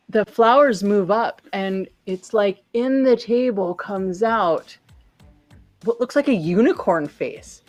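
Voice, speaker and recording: A woman's voice: mid-range voice, darkish tone. A woman narrating a tabletop game as game master, loose and filler-heavy.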